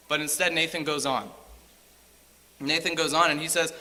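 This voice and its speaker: Bright-voiced preacher man in a reverberant church. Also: a little high, normal speed. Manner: storytelling, retelling scripture with rising emphasis. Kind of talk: sermon.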